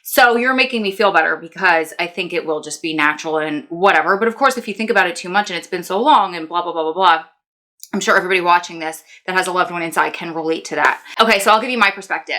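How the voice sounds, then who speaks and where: A chatty woman talks in quick, animated bursts. Her voice is bright and forceful, and she pokes fun at herself as she tells her story. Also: on the low side. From New Jersey. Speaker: vlogger, wife of an inmate. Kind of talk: casual storytelling vlog.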